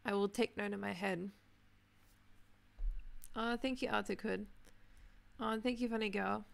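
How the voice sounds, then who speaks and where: A young woman chatting casually while streaming a building game, reading chat names and clearing her throat, her voice tired from talking. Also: mid-range voice, fairly even intonation, a little slow. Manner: chatty, reads out chat names, many ums. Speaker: Minecraft livestreamer.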